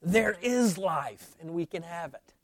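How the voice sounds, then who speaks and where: A man preaching a sermon, swinging between loud, emphatic declarations and hushed, low asides. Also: lively intonation, unhurried. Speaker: pastor.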